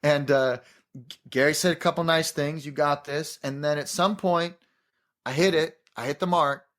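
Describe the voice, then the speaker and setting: A man is a guest on a chat show and tells a long story from a film set. His voice sits a little high for a man. He talks in a loose, animated way, restarts often and acts out other people's lines. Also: moderate pace. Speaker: guest actor. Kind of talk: casual anecdote telling.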